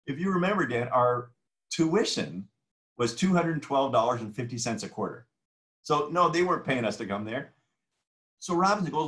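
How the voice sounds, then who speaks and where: A man in his sixties, a guest in a casual interview, telling animated stories and acting out the dialogue. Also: mid-range voice, normal speed. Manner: animated anecdotal storyteller who acts out quoted dialogue.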